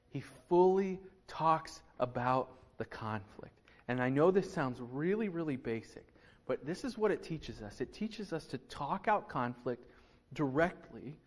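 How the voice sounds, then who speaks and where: A male pastor who preaches a sermon in an earnest, emphatic way and uses rhetorical questions. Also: mid-range voice.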